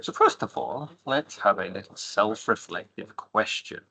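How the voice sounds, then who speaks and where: A man's voice: fairly low pitch, animated, measured pace, gravelly, sharp tone, slightly rough, rough recording. A man teaching an online English grammar lesson, patiently explaining and asking rhetorical questions.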